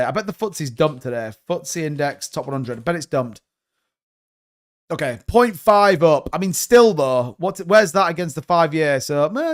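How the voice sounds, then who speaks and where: A man in his thirties, hosting a crypto livestream, talking bluntly and rambling, sometimes swearing. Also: a little high. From United Kingdom. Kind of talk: casual livestream chat.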